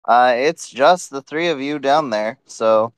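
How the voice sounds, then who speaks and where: A calm man running a tabletop game as game master. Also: medium pitch, measured pace, clean tone, no room sound, rough recording.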